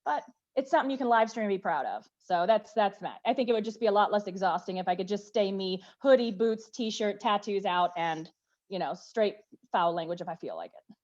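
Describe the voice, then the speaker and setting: A woman's voice: mid-range voice, fairly quick, highs cut off. A middle-aged woman from the southern United States speaking on a panel, telling stories emphatically and acting out what others said to her. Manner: emphatic, animated storytelling with quoted voices. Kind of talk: panel discussion.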